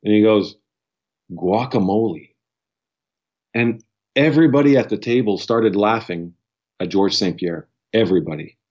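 A man's voice: fairly low pitch, moderate pace, a little mellow, dull audio. A man speaking as a guest in casual chat, blunt and profane, often restarting his sentences. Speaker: podcast guest.

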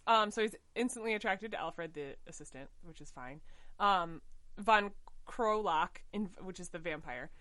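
A woman's voice: lowish voice, moderate pace, bright, forceful tone, dry recording. A woman in her thirties co-hosting a chat show, rambling and giggling as she recaps a story. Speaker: podcast co-host. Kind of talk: casual chat summarizing a musical.

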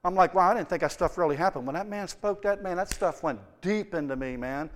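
A man's voice: sits high, brisk. A man preaching a sermon, shifting between impassioned emphasis and casual, conversational storytelling. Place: church sanctuary. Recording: long church hall reverb.

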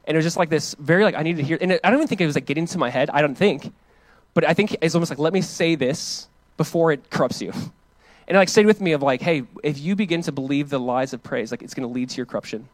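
A man in his thirties delivers a sermon at a rapid clip, his voice sitting high for a man. He talks casually, leaning on "like", and gets animated when he quotes. The sound is dry, with no room echo. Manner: casual and conversational, full of "like", animated when quoting. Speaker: pastor.

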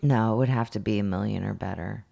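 A woman's voice: extremely low pitch, vocal fry, warm tone. A woman co-hosting a podcast in casual chat, often hunting for words with fillers. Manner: halting, gropes for words with fillers. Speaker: podcast co-host.

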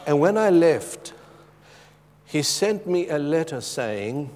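A middle-aged man preaching a sermon with a personal testimony, emphatic and moving between loud urgency and hushed tones. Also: on the high side, very animated, slow pace. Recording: long reverb of a large hall.

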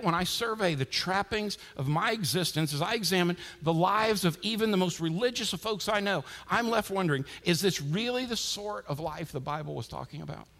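High-voiced male pastor preaching in a reverberant hall. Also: gravelly. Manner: animated preaching, big swings between loud and hushed. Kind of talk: sermon. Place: church sanctuary with a congregation. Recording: long reverb from a large hall.

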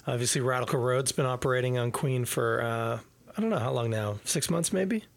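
A man hosting a podcast in casual chat, relaxed and hesitant, with many fillers. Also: mid-range voice, a little fast, vocal fry. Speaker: podcast host.

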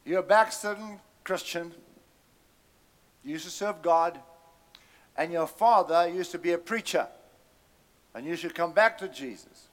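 A man's voice: on the high side, unhurried, long pauses, natural voice. A man preaching who quotes a revival preacher calling out a backslider over the radio, in a raised, proclaiming voice.

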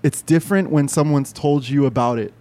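A man co-hosting a beer podcast, chatting casually and describing a beer in a relaxed, rambling way. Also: fairly high pitch, brisk. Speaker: podcast co-host. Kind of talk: casual chat and recorded confessional segment.

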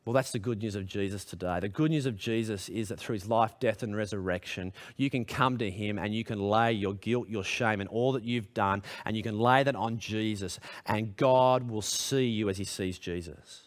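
A pastor preaches to a congregation in a church hall at normal speed, barely pausing. He's earnest and direct, putting questions to his listeners, and his pitch rises when he gets emphatic.

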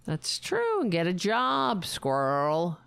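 Woman, gravelly voice, lively pitch, unhurried, dry close sound, livestream host. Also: no echo. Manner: animated storytelling, mimics voices. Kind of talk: casual livestream chat. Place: New York.

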